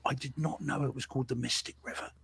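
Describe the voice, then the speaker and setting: A man's voice: mid-range voice, steady tone, fast talker, creaky, a bit bright, breathy edge. A man co-hosting a home theater show, chatting casually about a film with lots of fillers and restarts. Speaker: podcast co-host reviewing films. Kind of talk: casual chat.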